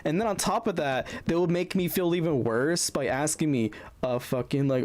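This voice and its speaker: A man's voice: on the high side, animated, normal speed, few pauses, a little mellow. A young man streaming, telling a bitter story in a rambling, heavily profane way, full of fillers and restarts. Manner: bitter, venting. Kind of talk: casual storytelling on a livestream.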